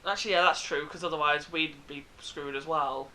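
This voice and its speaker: A woman co-hosting a podcast in casual chat, throwing in quick jokes. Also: sits low, fairly even intonation, sharp tone, slight background noise, poor audio. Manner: quick jokey interjections. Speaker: podcast co-host.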